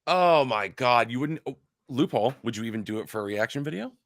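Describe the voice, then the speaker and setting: A man co-hosting a podcast in casual chat, animated and profane, slipping into mocking voices. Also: medium pitch, a little fast, no echo, clean studio sound. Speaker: podcast co-host.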